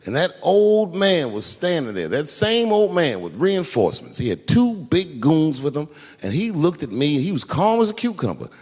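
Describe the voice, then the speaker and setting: A man's voice: on the high side, a little mellow. A man doing stand-up comedy on a theater stage, telling a long profane story in a conversational way that builds to punchlines. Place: large theater stage with audience. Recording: long hall reverb from a live stage.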